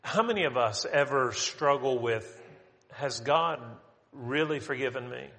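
Bright-voiced male preacher in a hall. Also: medium pitch, expressive, a little slow. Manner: conversational, emphatic, rising on questions. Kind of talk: sermon.

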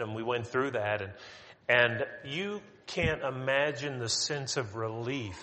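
A man's voice: mid-range voice, pushed and bright, big-room sound. A man preaching a sermon to his congregation, conversational and emphatic, rising on his questions.

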